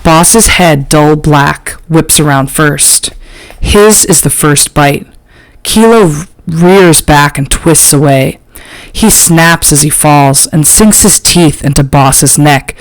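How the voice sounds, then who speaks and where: A woman narrating an audiobook in a slow, measured, literary reading. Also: sits low, no room sound, low-quality recording. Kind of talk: scripted narration.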